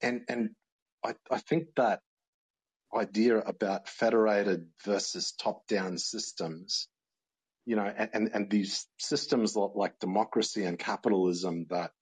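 A man's voice: on the low side, fairly even intonation, breathy edge, dry recording, rough recording. A man calling in to a podcast, stammering and restarting his sentences often. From Australia. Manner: stammering, halting, many restarts. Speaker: caller. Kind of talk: casual call-in chat.

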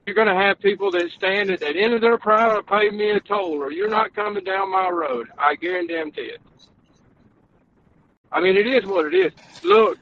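A man's voice: high-pitched, very animated, normal speed, phone-quality sound, a little hiss or hum. A man running for office, arguing bluntly and emphatically in a call-in podcast debate. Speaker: political candidate.

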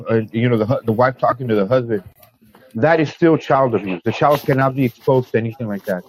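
A man's voice: mid-range voice, fairly quick, dry recording. A man speaking in a casual podcast chat, emphatic and insistent. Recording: dull lo-fi audio.

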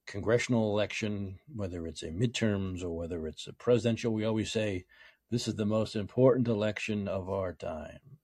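A man hosting a political talk show, delivering a sarcastic, opinionated monologue that swings between yelling and quiet muttering. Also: on the low side, husky.

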